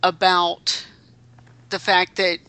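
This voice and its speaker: A woman hosts a loose podcast conversation with a bright, edged tone. She is wry and indignant by turns and keeps restarting her sentences. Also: on the low side, level tone, slow pace, no room sound. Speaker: podcast co-host. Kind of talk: casual chat about pro wrestling.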